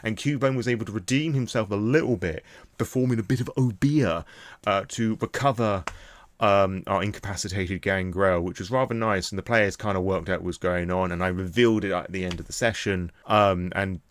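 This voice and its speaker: A young British man with a fairly low voice, excitedly recapping a tabletop game he ran as game master. He rambles, peppering his talk with fillers. The sound is dry and close, with no room echo. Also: a little fast. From Britain. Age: young adult. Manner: rambling, filler-heavy, enthusiastic. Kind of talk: casual recap of a tabletop session.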